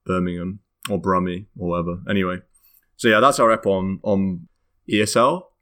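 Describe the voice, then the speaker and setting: The British host's voice sits low and sounds pushed and bright, at a moderate pace. In a casual podcast chat, he rambles, self-corrects as he goes, and laughs frequently.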